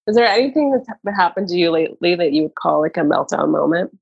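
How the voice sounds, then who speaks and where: A woman's voice: on the low side, lively intonation, fast, vocal fry, slightly rough, lo-fi sound. A woman hosting a podcast, asking questions in a chatty, loose way with lots of fillers. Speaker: podcast host. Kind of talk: casual podcast conversation.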